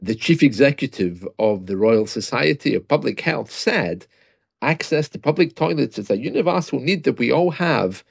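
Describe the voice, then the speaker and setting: A man's voice: medium pitch, expressive, normal speed, gravelly, breathy edge, no room sound. A British man talking casually and reading a news report aloud, chatty and self-mocking, with asides and small laughs. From Britain.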